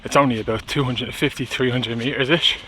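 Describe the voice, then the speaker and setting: A man's voice: mid-range voice, fairly even intonation, fast talker, sharp tone, a little hiss or hum. An Irish man chatting casually to camera while out hiking, talking in a loose, rambling way. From Ireland. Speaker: vlogger hiking. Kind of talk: casual on-the-go commentary. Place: outdoors on hills and a beach in wind and rain.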